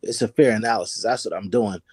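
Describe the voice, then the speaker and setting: A man's voice: lowish voice, quick pace, darkish tone, breathy edge, no room sound, studio quality. A man calling in to a sports talk show, giving emphatic opinions and often repeating words as he builds a point. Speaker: call-in guest on a sports podcast.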